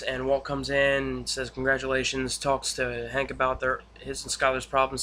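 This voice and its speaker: Bright-voiced young man recapping casually. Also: medium pitch, monotone, moderate pace, hardly any pauses. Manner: rambling retelling with many fillers. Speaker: YouTube reviewer. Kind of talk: casual spoken episode recap.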